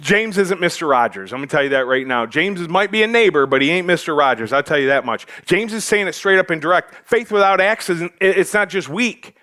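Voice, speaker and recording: Animated high-voiced male pastor preaching. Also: a little fast, few pauses. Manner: animated, joking with the congregation. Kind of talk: sermon. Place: church sanctuary.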